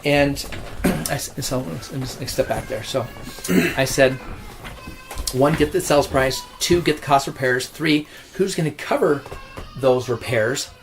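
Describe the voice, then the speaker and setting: A man's voice: medium pitch, unhurried, gravelly, faint music behind. A middle-aged man, a real estate agent co-hosting a podcast, telling a work story casually, with lots of restarts and repeated words.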